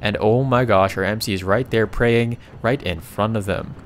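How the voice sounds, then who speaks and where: A man narrating a comic recap in a casual, excitable way, often breaking into exclamations. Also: lowish voice, moderate pace, slight background noise.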